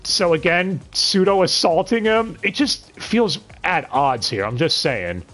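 A man's voice: sits high, sing-song, slow pace, fairly bright tone, soft background music. A man hosting a casual podcast review, blunt and swearing, with sudden bursts of disbelieving exclamation. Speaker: podcast host reviewing an anime dub.

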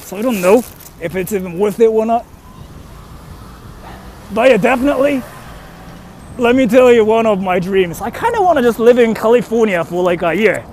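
A young freelance voice actor rambles casually into his phone, full of fillers and questions to himself. His voice sits high for a man. Faint traffic and city sound murmur around him outdoors. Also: lively intonation, moderate pace, long pauses, darkish tone. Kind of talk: casual vlog talk while walking. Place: outdoors on a street, walking to a station.

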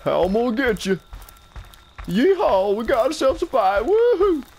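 A man's voice: extremely high pitch, sing-song, normal speed, creaky, pitched above the performer's own voice, full character voice. A man voicing a rowdy, gleeful hillbilly killer in a put-on Southern drawl. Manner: loud whooping drawl.

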